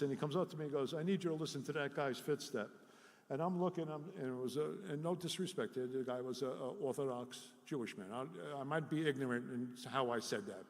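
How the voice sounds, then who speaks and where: A middle-aged man tells animated, self-deprecating stories to a workshop audience. His voice sits at an ordinary middle pitch. The sound rings with the long reverb of a large hall. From Jersey City, New Jersey. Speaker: recovery workshop speaker. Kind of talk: live storytelling talk.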